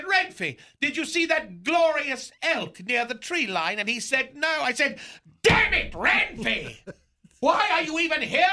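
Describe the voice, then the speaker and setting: A man's voice: very high voice, pushed and bright, heavily acted. A man playing a pompous aging male movie star in a radio comedy sketch, with grandiose, theatrical, old-fashioned diction.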